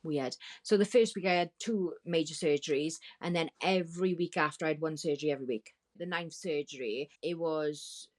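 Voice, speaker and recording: A woman with a low voice tells her story as a podcast guest. She rambles and gets emotional, and she swears freely along the way. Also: a little fast, hardly any pauses, a little mellow. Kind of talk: candid storytelling.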